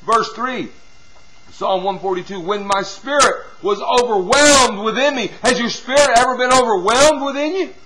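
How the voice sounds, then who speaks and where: A man preaching a sermon, dropping from loud appeals to hushed, quiet passages and punctuating with "see?" and "hallelujah". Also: very high voice, moderate pace, noisy background. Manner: swings from loud exhortation to hushed near-whispers.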